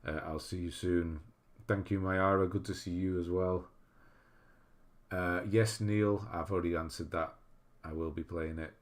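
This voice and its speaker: A man's voice: low-pitched, steady tone, measured pace. A man from England hosting a livestream in a casual, chatty way, reading viewer messages aloud and laughing at himself. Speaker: livestream host reading chat.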